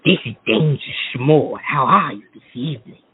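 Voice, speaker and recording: A man's voice: medium pitch, lively intonation, normal speed, slightly rough, dry recording. A man playing a prank caller who pretends to be the host, taunting him over a phone line. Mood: mocking. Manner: taunting, mocking put-on voice.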